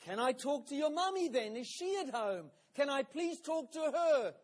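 A man's voice: very high voice, animated, normal speed, voice pushed up. A man voicing a frustrated company boss on the phone, pleading and insistent. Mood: urgent. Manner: urgent, pleading, insistent questions.

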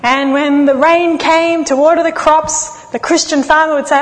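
A woman delivers a sermon in a high, clear voice, telling stories with feeling. She slows down and pauses for effect. Her words ring out with the long reverb of a large hall. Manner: expressive storytelling with dramatic pauses. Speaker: preacher.

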